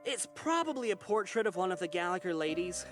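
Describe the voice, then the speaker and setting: A woman's voice: fairly low pitch, fairly quick. A woman voicing a concerned young woman who guides the player over an earpiece, in game audio with music under it. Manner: lively, concerned.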